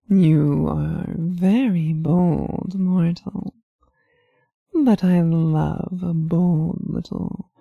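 A woman voicing a seductive, teasing female demon who speaks in a slow, purring way. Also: on the low side, no room sound, highs cut off, exaggerated voice.

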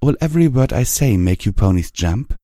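A man's voice: mid-range voice, animated, brisk, mellow, dry recording, studio quality, pitched above the performer's own voice, natural voice. A man voicing a sly, theatrical scheming pony mare who drawls her words.

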